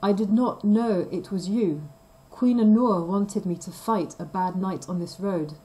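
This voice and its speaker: A woman's voice: fairly low pitch, normal speed, dark tone, close to an everyday voice, low-quality recording. A woman reading the lines of a bold male knight in a storybook reading, raised and emphatic.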